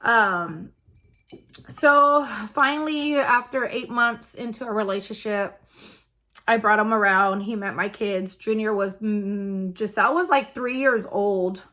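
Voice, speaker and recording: A woman recounting her own story in a casual vlog. She talks in a halting, unpolished way, stopping to restart and filling gaps with small hesitations. Her voice sits at an ordinary middle pitch. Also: bright, forceful tone. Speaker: vlogger.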